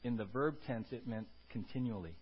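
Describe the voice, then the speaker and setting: A male pastor preaching a sermon, animated, swinging between loud emphasis and quiet low asides. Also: a little fast, muffled recording, a little hiss or hum.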